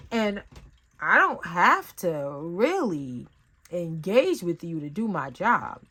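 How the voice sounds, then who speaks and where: A woman talking casually as a tarot reader, rambling and conversational with lots of fillers, telling stories in an animated way. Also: lowish voice, takes it slowly, husky. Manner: animated storytelling with acted-out asides. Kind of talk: casual spiritual reading talk.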